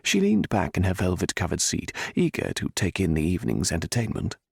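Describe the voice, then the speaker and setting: Low, gravelly male audiobook narrator. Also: wildly swooping pitch, fairly quick, no echo, studio quality. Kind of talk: scripted narration.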